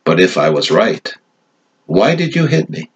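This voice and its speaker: A man's voice: sits low, sing-song, a little slow, breathy edge, full character voice, poor audio. A man reading the words of Jesus as an earnest teacher under questioning in a scripture reading, his voice lifted and emphatic.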